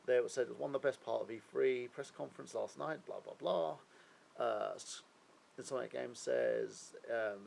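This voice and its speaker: A man's voice: mid-range voice, creaky, slight background noise, poor audio. A man hosting a live stream, chatting casually and rambling through his opinions while asking viewers questions; he sounds a little unwell.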